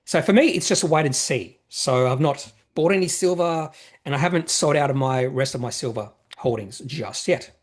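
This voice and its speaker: A man's voice: medium pitch, moderate pace. A man hosting an investing channel, answering viewer questions in a rambling, self-correcting way with plenty of fillers. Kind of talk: casual market commentary, reading viewer questions.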